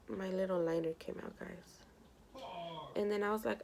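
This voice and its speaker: A woman's voice: medium pitch, steady tone, moderate pace, a little hiss or hum. A young woman vlogging from home, telling a story casually with lots of "like" and quoted dialogue. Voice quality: gravelly vocal fry. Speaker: beauty vlogger.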